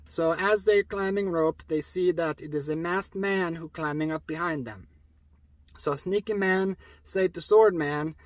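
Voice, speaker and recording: A man casually retelling a film story for kids in deliberately broken English, with many fillers. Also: high voice, no room sound.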